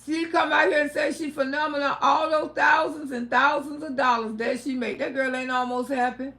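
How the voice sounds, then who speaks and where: Woman, high pitch, bright tone, loud casual storytelling, laughing. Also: normal speed. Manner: loud, animated, laughing, profane advice to women. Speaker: livestream host.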